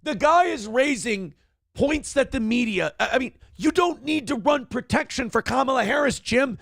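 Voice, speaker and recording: A man hosting a morning show, ranting with profane sarcasm in a high, gravelly voice. His pitch swings widely as he talks, and the sound is dry and close. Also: animated, moderate pace, a bit bright, dry recording. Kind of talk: ranting commentary on news clips.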